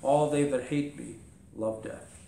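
A man's voice: mid-range voice, steady tone, measured pace, creaky, mellow, roomy sound, slight background noise. A man preaching a sermon as pastor, emphatic, firing rhetorical questions and voicing mock objections. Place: church.

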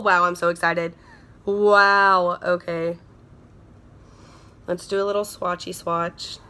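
A woman's voice: on the low side, level tone, takes it slowly, long pauses, bright, forceful tone, smooth. Bubbly young woman gushing over makeup. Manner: bubbly, gushing, repeats herself. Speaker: beauty vlogger. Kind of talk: casual unboxing chat. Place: indoors at home.

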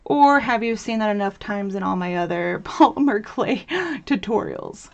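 A woman's voice: mid-range voice, lively intonation, moderate pace, creaky, muffled recording. A young woman hosting a live crafting tutorial, chatty and bubbly, chatting with viewers as she works and laughing often. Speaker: host of a crafting livestream.

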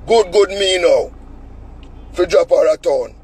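Jamaican man, high husky voice, heated cussing rant, thick patois. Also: takes it slowly, darkish tone, low-quality recording. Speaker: vlogger. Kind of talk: angry storytelling rant.

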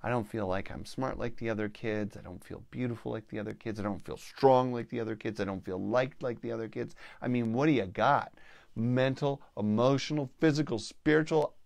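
A man voicing a hesitant, unsure young girl in a spoken story, rushing through her complaints. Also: mid-range voice, gravelly, darkish tone, no echo, clean studio sound, lightly acted. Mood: rushed.

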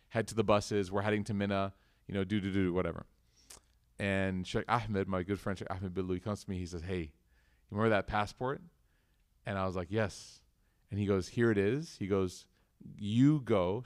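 A man's voice: fairly low pitch, dry recording, studio quality. A man teaching a religious class, telling a story casually and animatedly before closing in prayer. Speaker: Islamic teacher.

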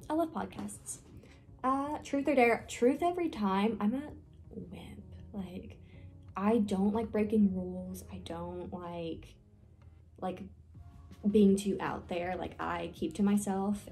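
A woman's voice: medium pitch, darkish tone. A young woman talking casually in a get-to-know-me vlog, rambling with lots of fillers and self-deprecating asides. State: nervous, with hiccups. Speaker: vlogger.

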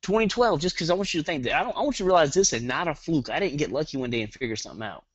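A man with a Southern accent presenting a live online marketing webinar, energetic and hyperactive, firing rhetorical questions at his audience. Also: on the high side, racing, no room sound, muffled recording.

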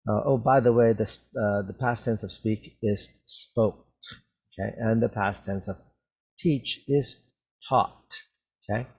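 A man teaching English vocabulary, reading slowly and repeating each word clearly for learners, speaking through a mask. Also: on the low side, darkish tone. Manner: very slow, carefully enunciated, repeats words for learners. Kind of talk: slow classroom reading and vocabulary drill. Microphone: wears a mask while talking.

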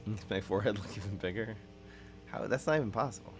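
A young man giving casual, excitable gameplay commentary and teasing banter to his viewers. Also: on the low side, fast, faint music behind. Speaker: streamer. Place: dim room at his parents' home.

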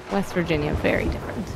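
A woman's voice: low-pitched, gravelly. A woman, a guest on a game stream, who chats in a bubbly, giggly way and exclaims often. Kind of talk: casual game stream chat. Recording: game stream with background noise.

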